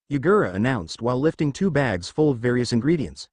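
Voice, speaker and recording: A man narrating a fan fiction story in a steady storytelling manner. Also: mid-range voice, a little fast, few pauses, no room sound.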